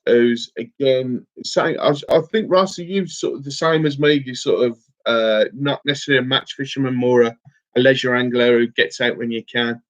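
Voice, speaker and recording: A man hosting a fishing livestream, chatting casually and a little emotionally while answering viewers' comments, calling them mate. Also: mid-range voice. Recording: slightly dull lo-fi stream audio.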